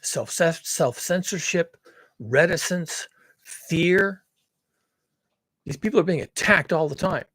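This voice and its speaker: Husky-voiced sardonic man ranting. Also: on the high side, slow pace, long pauses, a bit bright, dry recording. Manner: sardonic, blunt and profane, laughs often. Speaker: climate commentary vlogger. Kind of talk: casual monologue to camera.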